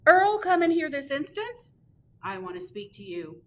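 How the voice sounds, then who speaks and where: A woman voicing a fussy mother squirrel who scolds her son in a high, sharp voice. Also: little pitch movement, moderate pace, lo-fi sound, lightly acted. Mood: scolding. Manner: scolding, shrill.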